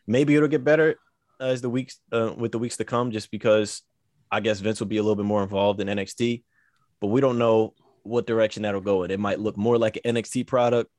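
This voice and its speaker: A man's voice: on the low side, steady tone, a little fast, a little mellow, dry recording. A man co-hosting a podcast in laid-back, slangy, rambling casual chat. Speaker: podcast co-host.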